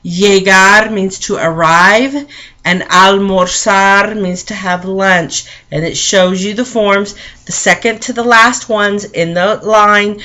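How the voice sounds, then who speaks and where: A woman teaching a language grammar lesson from a textbook. She talks patiently, corrects herself, repeats forms for clarity, and reads each word form slowly with clear stress. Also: mid-range voice, fairly even intonation, sharp tone. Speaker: Spanish teacher. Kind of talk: classroom grammar lesson walking through a textbook.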